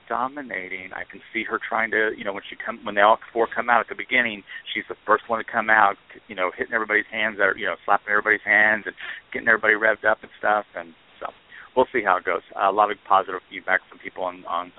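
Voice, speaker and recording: A man hosting a casual chat show, rambling with many fillers and restarts. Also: fairly low pitch. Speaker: podcast host. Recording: tinny phone-line sound.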